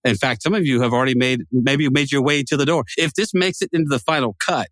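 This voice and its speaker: A man's voice: mid-range voice, fast, a bit bright, no echo. A man co-hosting a casual podcast, joking and rambling, laughing often. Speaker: podcast co-host. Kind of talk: casual chat.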